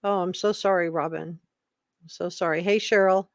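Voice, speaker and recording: A woman's voice: on the low side, steady tone, moderate pace, dry recording. A woman talks straight into a close mic in a dry, dead room. She chats casually as a live stream host, greets viewers by name and keeps apologizing in asides. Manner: chatty, reads viewer comments aloud, apologetic asides.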